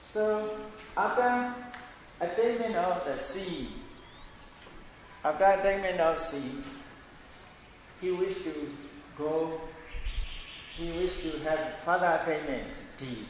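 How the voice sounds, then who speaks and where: A man giving a Buddhist meditation lecture, explaining slowly and repeating points in non-native English phrasing. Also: fairly high pitch. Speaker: meditation teacher. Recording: echoey hall with long reverb, faint noise.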